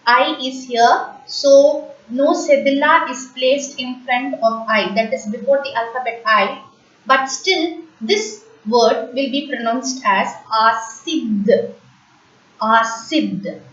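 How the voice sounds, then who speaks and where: A woman teaching a language lesson at a high pitch and a deliberately slow pace, patiently repeating each word for learners. She sits away from the microphone in a roomy, echoing space. The sound is dull and lo-fi. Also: fairly bright tone. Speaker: French teacher. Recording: echoey room, distant, dull lo-fi mic.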